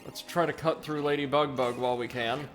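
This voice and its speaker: A man's voice: medium pitch, brisk. Male let's play host, casual and self-correcting, medium voice, light music bed. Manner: chatty, self-correcting, excitable. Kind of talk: casual gameplay commentary with chat reading.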